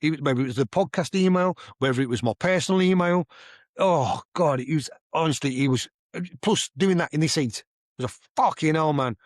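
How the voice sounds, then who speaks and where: A man's voice: fairly high pitch, brisk, no echo, clean studio sound. A middle-aged man hosting a podcast, ranting casually and swearing freely as he rambles through a story. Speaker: podcast host. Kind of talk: casual rant.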